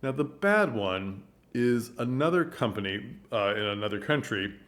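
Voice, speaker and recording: A man's voice: on the low side, normal speed. Earnest man talking about theater. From United States. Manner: animated, earnest storytelling with frequent restarts. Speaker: theater commentator. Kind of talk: casual commentary.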